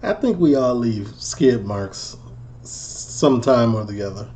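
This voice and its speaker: A man's voice: mid-range voice, lively intonation, a little slow, heavy background noise. A man from Chicago giving joking, slangy commentary as he reacts to video clips. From Chicago, USA. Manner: slangy, joking, laughs often.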